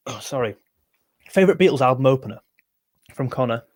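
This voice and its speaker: A man's voice: mid-range voice, lively intonation, fairly quick. A young man, chatting casually on a livestream, reading viewer comments with a tired voice. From England. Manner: rambling, chatty, self-interrupting. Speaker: music livestream host.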